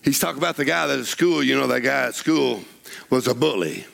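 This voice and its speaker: Gravelly church pastor, bright forceful voice, folksy stories then shouting big lines. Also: male voice, mid-range voice, brisk. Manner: folksy storytelling that rises into shouted declarations. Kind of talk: sermon. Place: church sanctuary.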